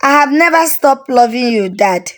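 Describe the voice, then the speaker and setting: A woman narrator voicing a young daughter who tenderly forgives her father, speaking softly and pleadingly. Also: high-pitched, animated, moderate pace. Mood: tender, tearful.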